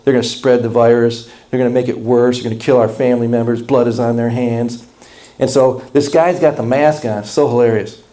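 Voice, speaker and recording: A pastor preaching a sermon in a blunt, folksy, impassioned way. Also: male voice, mid-range voice, steady tone, a little fast, mellow.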